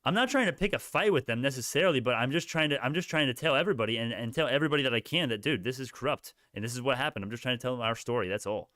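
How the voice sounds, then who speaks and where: Fast-talking heated young man streaming. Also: mid-range voice, lively intonation, fairly bright tone, no room sound, clean studio sound. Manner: heated, ranting, talks to chat, many restarts. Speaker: stock livestream host. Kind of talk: casual livestream commentary.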